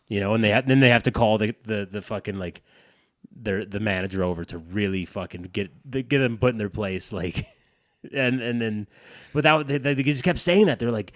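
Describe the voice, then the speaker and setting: A man's voice: mid-range voice, moderate pace, fairly bright tone, no echo, clean studio sound. A man co-hosting a dads' podcast, telling a rambling, profane story in casual chat. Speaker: podcast co-host.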